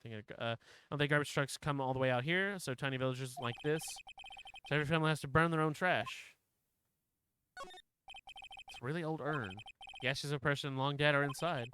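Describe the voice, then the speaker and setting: A man's voice: fairly high pitch, animated, brisk, pauses often, sharp tone, slight background noise. A man streaming a story game, reading its text aloud with casual, swearing commentary.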